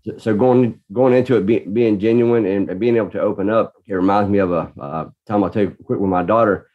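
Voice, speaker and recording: A man's voice: fairly low pitch, fairly quick, phone-quality sound. A man in a casual conversation, earnestly telling a story about being a parent. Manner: earnest storyteller, reenacts his own shouting.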